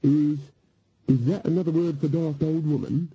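A man's voice: on the high side, steady tone, normal speed, dark tone, slightly rough, no room sound, dull audio, pitched above the performer's own voice. A man voicing a nervous young male hotel clerk who hesitates and stammers, read as an audiobook character.

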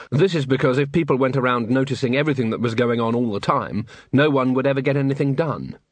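A man narrating an audiobook in a measured, wry manner. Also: mid-range voice, dry recording. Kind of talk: scripted narration.

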